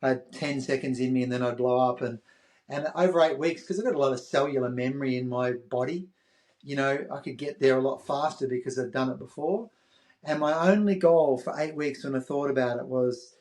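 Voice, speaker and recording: A man's voice: mid-range voice, fairly quick. An Australian man in his fifties, a podcast guest telling a story with animation and acting out the voices of others. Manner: animated, acts out quoted voices. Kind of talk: interview storytelling.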